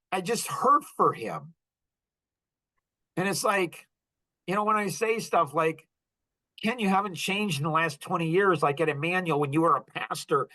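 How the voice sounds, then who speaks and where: A man hosting a podcast, talking in a rambling, animated casual monologue and acting out conversations in different voices. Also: high voice. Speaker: podcast host.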